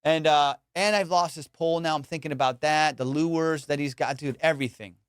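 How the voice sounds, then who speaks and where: A young man hosting a podcast, telling a story in an animated, casual way, swearing and saying "dude" and "bro" a lot. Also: fairly high pitch, brisk, clean tone, dry recording, clean studio sound. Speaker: podcast host.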